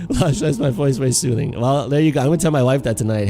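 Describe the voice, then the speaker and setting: A man's voice: on the high side, very animated, moderate pace, gravelly, pauses often, darkish tone, faint music behind. Man streaming live trades, slight stutter. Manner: stutters a little, repeats words; chatty, laughs often. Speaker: day trading streamer. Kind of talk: live trading commentary to chat.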